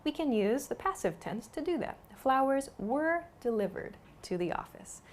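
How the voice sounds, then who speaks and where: A woman teaching a grammar lesson, explaining slowly and clearly and repeating example sentences. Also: sits high, big pitch swings, slight background noise. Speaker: English teacher.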